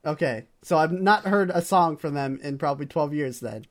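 Laid-back young man, fairly high voice. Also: lively intonation, normal speed. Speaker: podcast co-host. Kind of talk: casual chat.

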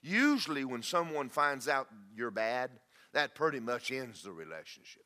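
Lively folksy preacher. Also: male voice, medium pitch, normal speed. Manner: folksy storytelling, rising to fervent prayer. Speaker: pastor. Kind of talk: sermon.

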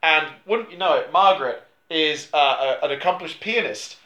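Man, podcast film talk, wry storytelling, high and bright voice. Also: lively intonation, normal speed. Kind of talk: casual chat. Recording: roomy echoey room.

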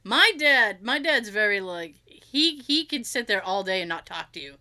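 A woman's voice: medium pitch, animated, moderate pace, pushed and bright. A middle-aged woman telling a funny family story in casual chat, acting out the quotes and laughing often.

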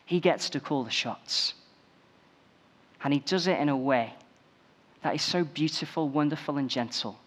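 Animated preacher, fairly high voice. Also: male voice, normal speed, pauses often. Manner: animated, rising emphasis on repeated phrases. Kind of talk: sermon.

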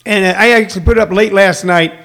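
A man's voice: high voice, quick pace, pushed and bright. A man from Missouri hosting an online show, chatting casually and rambling with many filler sounds as he greets viewers by name. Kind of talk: casual live-stream chat.

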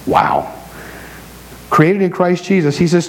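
A middle-aged pastor preaching to his congregation in a church, telling stories with quick asides and repeated words. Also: high voice, slight background noise, low-quality recording. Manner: animated storytelling preacher with quick asides and repetitions. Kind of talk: sermon. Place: church sanctuary before a congregation.

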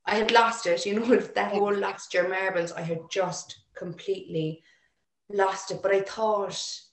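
A woman telling a personal story in an emotional, halting way with many restarts. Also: mid-range voice, fairly even intonation. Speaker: interview guest. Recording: echoey room.

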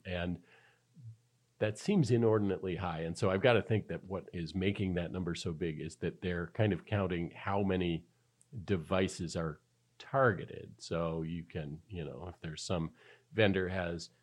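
A man with a very low voice talks through security news in a loose, conversational way. He is wry and chatty, co-hosting a casual podcast. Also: unhurried. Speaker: podcast co-host. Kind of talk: casual tech podcast chat.

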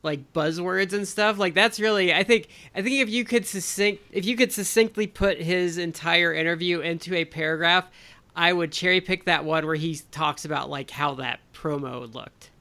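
A man's voice: high voice, normal speed, pushed and bright. A man co-hosting a casual podcast, speaking in a thoughtful, hedging way. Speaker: podcast co-host.

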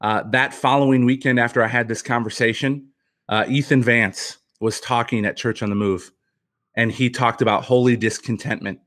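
Speaking at normal speed with fairly even intonation and a slightly bright tone, a man who once pitched and now writes shares a personal story as a podcast guest. He comes across as earnest and reflective, frequently starting his sentences over.

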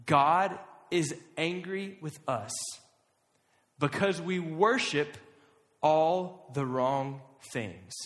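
A young man preaching a casual sermon, talking conversationally and stretching key words slowly for emphasis. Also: fairly high pitch. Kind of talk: casual sermon to a live audience. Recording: long hall reverb.

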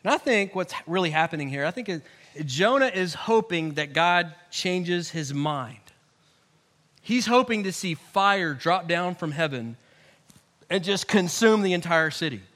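A male pastor delivers an animated sermon, punching some lines loudly and dropping others to a near whisper. His voice is high and bright, and it cuts through clearly. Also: unhurried. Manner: animated, swings between loud emphasis and hushed asides.

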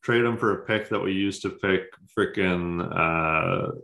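A man's voice: low voice, a little slow, creaky, bright, forceful tone. A man co-hosting a casual podcast, making dry jokes and laughing easily. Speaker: podcast co-host. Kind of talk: casual chat. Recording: roomy echo.

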